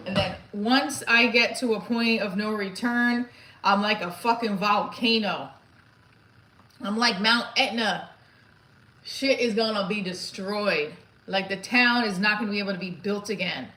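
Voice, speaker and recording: A woman's voice: medium pitch, a little slow, sharp tone. A woman comedian talking candidly in a casual vlog, frank and rambling, swearing freely with frequent restarts. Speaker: comedian vlogging her day. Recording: echoey room with faint background noise.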